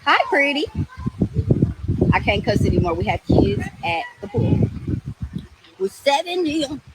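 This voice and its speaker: A woman's voice: high voice, huge pitch swings, a little slow, heavy background noise. A woman guest talking in a sassy, defensive way in a casual live chat from beside a pool. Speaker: podcast guest, rapper. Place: outdoors by a pool.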